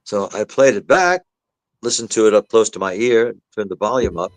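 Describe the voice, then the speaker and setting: A man's voice: lowish voice, normal speed, dry recording, low-quality recording. Dry-voiced man telling a story. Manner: animated, acts out the voices he quotes. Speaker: guest, author and demonologist. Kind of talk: storytelling in a podcast interview.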